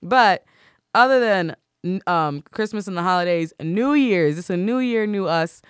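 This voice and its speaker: A woman hosting a podcast in casual chat, talking in quick bursts and laughing often. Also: medium pitch, lively intonation, smooth, no echo, studio quality. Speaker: podcast host.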